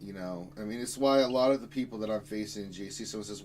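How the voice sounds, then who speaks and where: A man's voice: on the low side, steady tone, fast, darkish tone, a little hiss or hum, low-quality recording. A man hosting a casual gaming stream, rambling and swearing with playful exasperation. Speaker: stream host.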